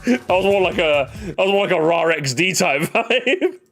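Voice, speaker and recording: A man's voice: high-pitched, lively intonation, normal speed, fairly bright tone, soft background music. A man hosting a casual gaming livestream, rambling jokily, repeating phrases and calling his viewers gamers. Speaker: livestream host.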